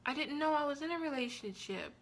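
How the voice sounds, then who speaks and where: A young woman telling a personal story on her vlog in a frank, blunt and profane way, with an animated and expressive delivery. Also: sits high, quick pace, slight background noise. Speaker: vlogger.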